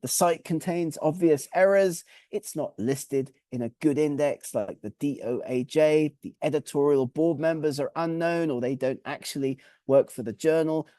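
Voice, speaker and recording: A man presenting a publishing webinar, explaining step by step in a clear, methodical way, with lists and recaps. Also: on the high side, normal speed, hardly any pauses, dark tone, dry recording, clean studio sound.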